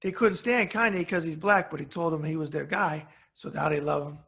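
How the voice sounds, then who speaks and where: A man's voice: fairly high pitch, steady tone, a little fast, creaky, pushed and bright, breathy edge. A middle-aged man with a New York accent, hosting his own show and delivering an angry, profane rant straight to his viewers. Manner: heated, cursing, blunt. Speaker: commentary show host.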